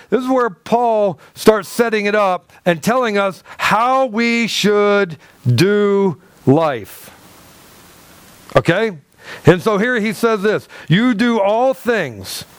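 A man preaching a sermon in a relaxed, conversational way, throwing out rhetorical questions and joking asides. His voice sits high for a man. The sound is close and dry, with little room to it. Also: smooth, dry recording. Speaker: pastor. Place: church hall.

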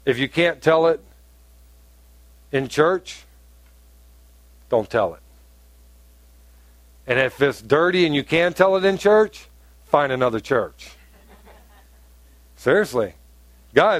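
A man preaching a sermon as pastor, animated and rising to emphatic peaks. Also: fairly high pitch, slow pace, long pauses, dry recording.

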